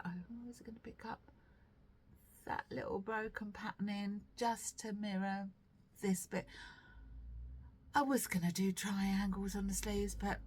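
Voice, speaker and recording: A woman's voice: medium pitch, darkish tone. A woman chats to camera about her knitting in a rambling, self-deprecating way, full of ums and little asides. She drifts back from the camera mic now and then, and there's a faint hiss under her voice. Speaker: knitting podcast host. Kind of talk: casual chat to camera.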